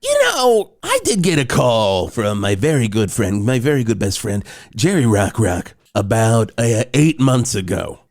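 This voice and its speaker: Brash radio host, gravelly and all over the place in pitch, rambles and curses, played by a man. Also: unhurried, heavily acted. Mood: boisterous. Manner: rambling, animated, profane. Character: brash, rambling male radio host who swears freely. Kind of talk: improvised comedy radio bit.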